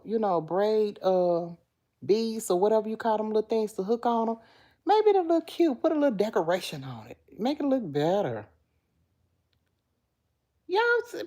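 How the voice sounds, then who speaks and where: A woman's voice: fairly high pitch, mellow. A woman in her fifties with a Southern US accent, chatting casually with viewers on her livestream. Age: 50s. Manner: chatty, greets viewers by name, playful. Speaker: livestream host. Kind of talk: casual live chat.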